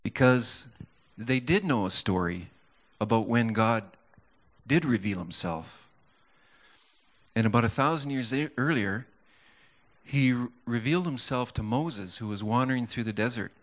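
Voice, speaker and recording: Man, preacher, sermon, slow deliberate delivery, storytelling, occasional stammers, fervent emphasis. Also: medium pitch, animated, a bit bright. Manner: stammers and restarts.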